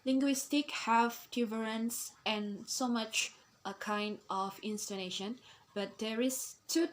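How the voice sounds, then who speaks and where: A young woman explaining a class assignment as a student, hesitant, with frequent pauses and fillers. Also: a little high, steady tone, poor audio. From Indonesia. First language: Indonesian. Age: young adult. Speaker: student presenter.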